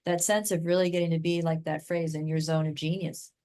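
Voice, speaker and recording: Chatty American woman with a lowish voice. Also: little pitch movement, fairly quick, a little mellow. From United States. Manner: enthusiastic, talks in long chatty runs full of "like" and "right?". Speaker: guest expert in human design. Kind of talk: casual podcast interview.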